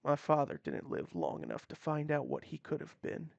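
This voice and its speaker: A woman voicing a grim retired male lawman turned farmer with a gruff, terse drawl. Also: low-pitched, big pitch swings, normal speed, a little mellow, no room sound, highs cut off, exaggerated voice.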